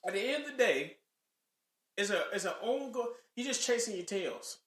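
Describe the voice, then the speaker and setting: A man co-hosting a casual podcast with a Southern US accent, ranting in an animated, preachy way. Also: sits high, moderate pace. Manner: animated, preachy rants with mock voices. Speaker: podcast co-host. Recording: echoey room.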